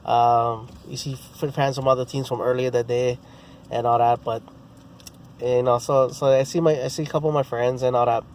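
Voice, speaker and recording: A man's voice: mid-range voice, little pitch movement, normal speed, darkish tone, slight background noise. A man telling a rambling story in casual vlog style, with many restarts and fillers. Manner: rambling, full of restarts and "you know, bro". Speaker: sports vlogger.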